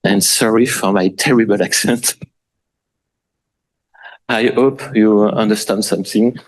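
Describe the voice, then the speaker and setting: Man, French accent, native French speaker, lecturer, low voice, unhurried, hesitant phrasing. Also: steady tone. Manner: halting, many fillers and restarts. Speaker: architect giving a lecture. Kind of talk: public lecture.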